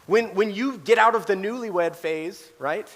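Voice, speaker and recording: Delivering a sermon at a measured pace, a male pastor uses a high, spirited voice and brings quoted speakers to life with animation. The large church hall gives the sound a long reverberant tail.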